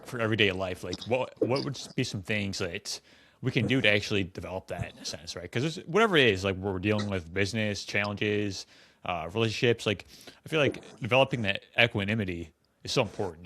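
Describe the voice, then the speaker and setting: A man's voice: on the low side, fast, a bit bright. A man hosting an interview, asking reflective questions in a casual way. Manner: reflective, frequent "like" and "in a sense". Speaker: podcast host.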